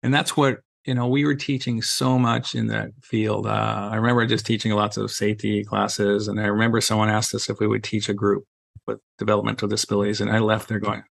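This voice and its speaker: A middle-aged man speaks as a guest on a podcast in a low, gravelly voice. His pitch stays fairly level as he strings anecdotes together with "you know" and acts out bits of dialogue, and the sound is dry. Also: flat delivery, a little fast, dry recording. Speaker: podcast guest, safety trainer. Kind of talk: casual conversational storytelling.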